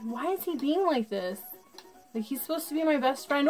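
A drunk woman commentating her gameplay casually, swearing and breaking into excitable outbursts while talking to her viewers. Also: sits high, normal speed, soft background music. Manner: talks to the viewers. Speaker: gaming channel host.

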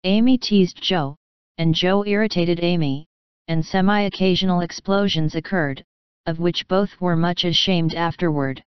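A woman narrating a classic novel audiobook in a calm, even storytelling manner. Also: on the low side, unhurried, clear, resonant tone, no echo, dull audio.

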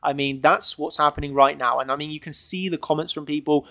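Emphatic man with a gravelly voice. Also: fairly high pitch, steady tone, fairly quick, hardly any pauses, bright, forceful tone, dry recording. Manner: emphatic and repetitive, tags lines with "okay?". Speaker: crypto trader and analyst. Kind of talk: screen-share chart analysis.

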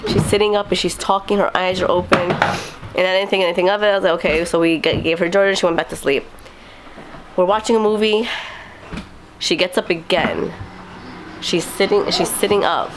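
A young woman vlogger telling a story in a casual, animated way, acting out the quotes. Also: lowish voice, normal speed, background noise.

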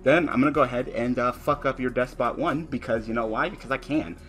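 A man's voice: fairly quick, fairly bright tone, faint music behind. A young man giving profane, frustrated commentary on his online card game, cursing at his opponent. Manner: ranting in a high, laughing voice.

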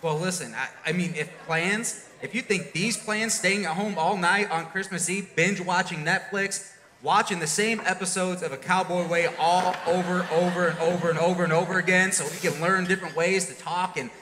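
A man's voice: high-pitched, steady tone, moderate pace, pushed and bright. A man acting a teasing, playful friend in a church stage drama, needling his buddy. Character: teasing wisecracking friend of the biker. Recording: reverberant hall sound.

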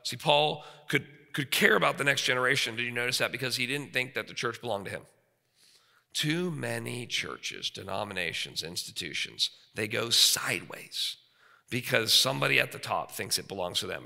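In a seminary chapel with reverberant hall acoustics, a man in his forties preaches an emphatic sermon, frequently checking in with his listeners through rhetorical questions. His medium-pitched voice is expressive, creaky, bright, and forceful, at normal speed.

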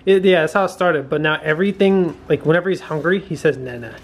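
A man's voice: fairly high pitch, quick pace. A man casually vlogging at home with his family, playful and teasing. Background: baby crying, household noise.

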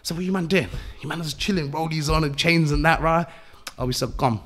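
A young Englishman from England with a fairly high, brisk voice and a fairly bright tone. He's an entrepreneur appearing as a guest on a podcast interview, lecturing listeners bluntly in his English accent with street slang and swearing.

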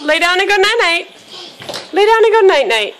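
Very high-voiced mother coaxing her toddler. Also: very animated, normal speed, a bit bright, a little hiss or hum. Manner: coaxing sing-song talk to a toddler, laughing often. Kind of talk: casual home video chat. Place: bedroom at home, indoors.

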